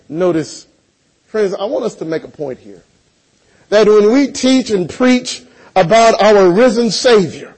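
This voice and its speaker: High-voiced guy preaching in church, emphatic, reads scripture and talks right to the congregation. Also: normal speed, low-quality recording. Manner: emphatic, rising to loud stressed passages; reads scripture aloud, addresses congregation directly. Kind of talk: sermon.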